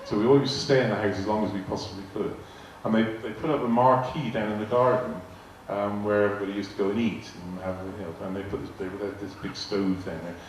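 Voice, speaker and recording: An older man's voice, fairly low and steady in tone, rushes along with hardly any pauses as he tells rambling anecdotes to a live audience, repeating words and voicing quoted dialogue. He speaks as a guest in a large arts hall. A distant mic records echo, faint noise, and audience laughter.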